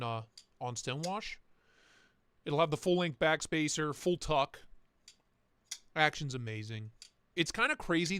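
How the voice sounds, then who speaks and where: A man's voice: a little high, fairly bright tone, smooth. A young man hosting a casual livestream, chatting loosely with his viewers, swearing freely and reading their comments aloud. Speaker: livestream host.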